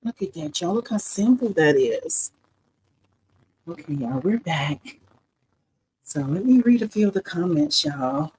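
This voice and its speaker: A woman's voice: medium pitch, big pitch swings, measured pace, long pauses, a little mellow, slightly rough, rough recording. A middle-aged woman hosting a casual live embroidery demo, chatting with viewers and laughing often. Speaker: embroidery livestream host.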